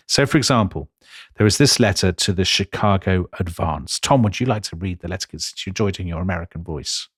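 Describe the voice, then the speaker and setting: Animated, low-voiced man telling history. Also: moderate pace, no room sound, studio quality. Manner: animated, emphatic, jumps in pitch for stress. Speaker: podcast co-host. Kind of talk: storytelling history chat.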